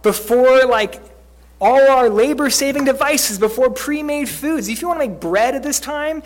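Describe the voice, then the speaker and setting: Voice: high voice, moderate pace. A preacher giving a sermon in a conversational way, using many fillers and acting out quoted lines.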